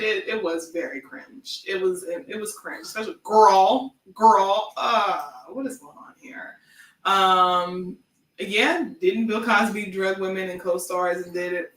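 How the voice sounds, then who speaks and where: A woman's voice: medium pitch, slow, fairly bright tone, reverberant, far from the mic, rough recording. A woman co-hosting a podcast in casual chat, making dry, skeptical remarks. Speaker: podcast co-host.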